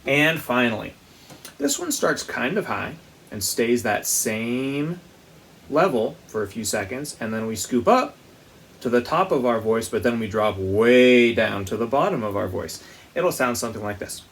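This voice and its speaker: A man teaching a music lesson to young children, speaking gently and patiently and demonstrating vocal slides with high sung sounds. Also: animated, a little slow, slight background noise.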